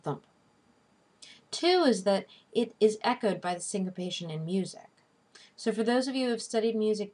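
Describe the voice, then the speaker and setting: Low-voiced woman giving a recorded lecture. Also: darkish tone. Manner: clear, deliberate teaching delivery, slowing to stress syllables. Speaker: literature instructor.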